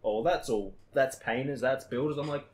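A man's voice: medium pitch, normal speed, slight background noise. A man, a podcast co-host telling work stories in casual chat, swearing a lot and acting out what others said. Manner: swears a lot, acts out his old workmates in quotes.

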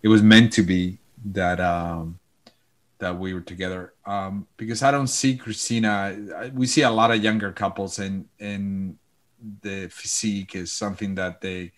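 A man talking as a podcast guest, earnest and warm in content, often repeating and restarting his phrases. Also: sits low, fairly even intonation, moderate pace. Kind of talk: casual chat.

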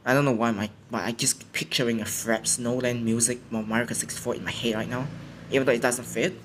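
A young man at home, sleepy from waking up early, rambles through a casual reaction with many restarts. His voice sits at a middle pitch. A faint hum of noise runs under the recording. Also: fairly even intonation, fast. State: sleepy, just woke up. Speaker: YouTuber reacting to a trailer. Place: home, indoors. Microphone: home recording setup.

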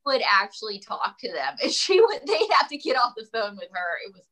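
A woman's voice: on the high side, brisk, poor audio. A woman comedian and ventriloquist, telling jokey stories and plugging her product on a talk show. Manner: animated, self-promoting, jokey storytelling. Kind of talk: casual talk show chat.

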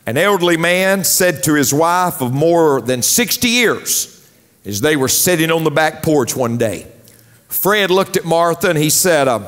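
A man's voice: a little high, big pitch swings, unhurried, fairly bright tone, in a large hall, faint music behind. A male pastor preaching a sermon, reading scripture, praying and telling stories with rising emphatic swells. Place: church sanctuary.

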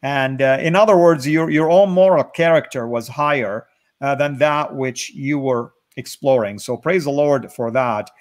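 A man hosting an interview, asking questions in a measured, affirming way. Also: medium pitch. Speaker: host interviewer.

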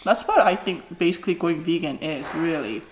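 A woman's voice: fairly low pitch, a little fast. A woman in her thirties, a mukbang vlogger chatting casually while eating and giving frank advice. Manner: chatty, gives frank advice, says "you know" often. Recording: echoey room with faint noise.

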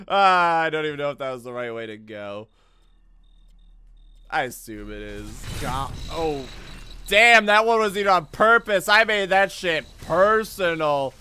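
A man streaming a video game, giving excitable, jokey commentary and swearing often. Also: fairly high pitch, takes it slowly, clear, resonant tone, dry recording. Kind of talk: casual gaming commentary.

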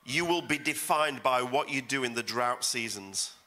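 A man's voice: medium pitch, lively intonation, moderate pace, sharp tone. A middle-aged man preaching as a guest pastor at a church service, emphatic and repeating phrases for effect. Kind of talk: sermon.

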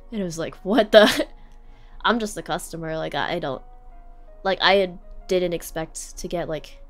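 A young adult woman streamer telling a personal story in a casual, rambling way, full of fillers and sentiment. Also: on the low side. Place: home streaming setup.

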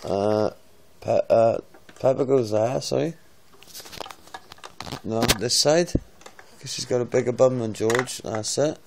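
A father in a casual home video, gently and playfully coaxing his toddler through opening a present. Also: medium pitch, slow, vocal fry, pauses often, a little hiss or hum. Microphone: phone.

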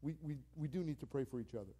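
A man, a pastor, preaching a sermon in a church with animated delivery, repeating key phrases for emphasis and acting out quoted conversations. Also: medium pitch, fast talker, husky. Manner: acts out quoted phone calls with playful voices.

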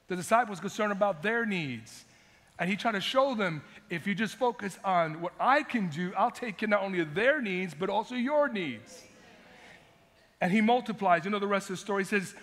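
A man's voice: high voice, expressive, normal speed, fairly bright tone. A male pastor preaching a sermon, emphatic, repeating his points and calling for amens. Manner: emphatic, repeats phrases, calls out "amen". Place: church sanctuary. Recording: long hall reverb.

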